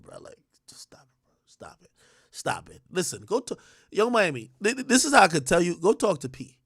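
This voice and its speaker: A man hosting a livestream, ranting in a profane, confrontational, rapid-fire way. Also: sits high, no room sound, studio quality. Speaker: livestream host. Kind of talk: heated livestream rant.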